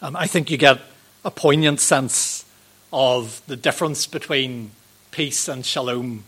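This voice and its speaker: A man, giving a sermon in a gentle, conversational way, with ums and rhetorical questions. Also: medium pitch, measured pace, husky. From Northern Ireland. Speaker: preacher.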